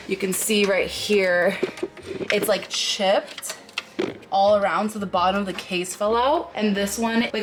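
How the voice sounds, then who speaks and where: A young woman in her twenties, vlogging casually from her home studio, bubbly and gushing with excitement. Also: medium pitch, noisy background. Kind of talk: casual vlog chat. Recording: roomy echo, faint clicks.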